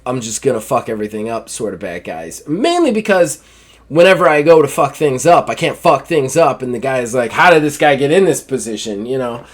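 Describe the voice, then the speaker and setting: A man co-hosting a casual gaming podcast, talking in a loose, laid-back way with lots of fillers. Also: mid-range voice.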